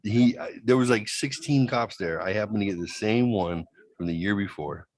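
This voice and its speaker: A man's voice: lowish voice, moderate pace. A middle-aged man hosting a podcast, telling a casual story and acting out the voices of the people in it. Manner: animated, acts out voices in anecdotes, swears. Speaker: podcast host.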